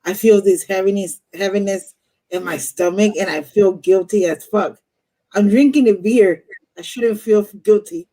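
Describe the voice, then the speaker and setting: A woman's voice: mid-range voice, moderate pace, dark tone, low-quality recording. Blunt, profane woman reading tarot. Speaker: host, tarot reader. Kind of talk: live-stream tarot reading.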